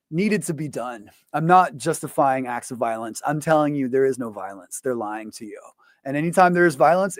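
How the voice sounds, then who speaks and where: A man's voice: fairly high pitch, a little mellow, no room sound, studio quality. A man hosting his own show in a casual, rambling rant, swearing often and filling gaps with "like". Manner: profane, rambling, full of fillers. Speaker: show host. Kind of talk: casual ranting monologue.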